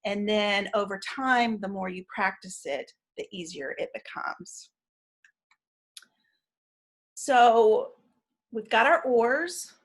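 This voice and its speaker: Woman giving an online training talk. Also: mid-range voice. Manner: measured, explanatory, with frequent fillers and restarts.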